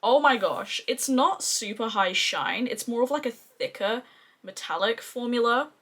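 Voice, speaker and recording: A woman's voice: on the high side, expressive, measured pace, a bit bright. A woman with an Australian accent gushes in a chatty, casual makeup review. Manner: gushing, chatty, effusive. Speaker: beauty vlogger.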